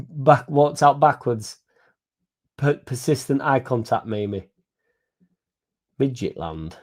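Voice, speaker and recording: A man's voice: mid-range voice, slow pace, pauses often. A young man hosting a casual live stream, reading out comments, swearing freely and stumbling over names.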